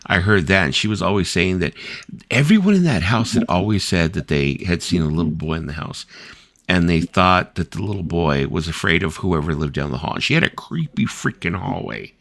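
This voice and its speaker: A man's voice: sits low, lively intonation, fairly quick, creaky, fairly bright tone, no room sound. A man in his fifties hosting a casual late-night chat, rambling through stories full of "like" and "you know" and acting out the voices of the people he quotes. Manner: rambling storyteller, filler-heavy, lots of "like" and "you know"; acts out quoted voices while telling stories. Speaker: host.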